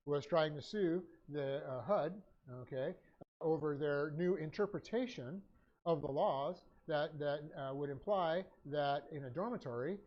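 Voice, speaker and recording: Leading a Bible study class, a man with a somewhat high, darkish voice dictates his notes haltingly, full of "uh" fillers, restarts, and self-corrections. The audio comes from a dull, lo-fi stream recording.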